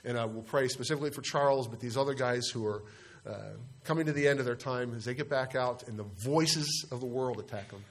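A man's voice: mid-range voice, fairly quick, slight background noise. A man giving an informal devotional talk to a group, speaking conversationally and posing rhetorical questions. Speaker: youth speaker.

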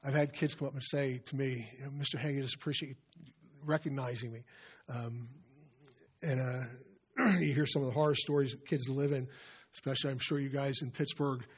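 A man preaching a sermon as a visiting preacher, earnest in manner, often clearing his throat and slowing down and softening his voice to stress a point. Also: mid-range voice, flat delivery.

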